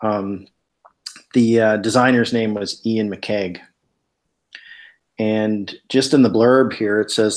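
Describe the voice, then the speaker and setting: A man's voice: on the low side, fairly even intonation, slow pace. A man hosting a casual chat, hesitant and full of fillers as he reads from a book. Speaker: host. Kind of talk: casual chat, reading book text aloud.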